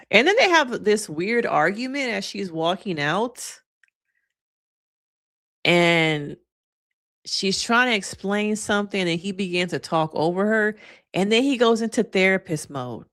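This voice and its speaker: A woman who is a licensed therapist giving casual reaction commentary to her viewers, chatty and animated, often acting out what others said. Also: mid-range voice, a little slow. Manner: chatty and animated, addresses viewers as y'all, acts out quotes.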